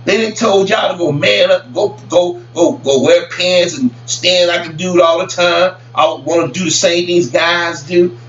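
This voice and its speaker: Man, rambling rant, stammers and repeats himself, somewhat high voice, echoey room, mic far off. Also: measured pace, few pauses, a bit bright. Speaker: vlogger commenting on celebrity news. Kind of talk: casual opinion rant. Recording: roomy, distant, dull lo-fi with faint hum.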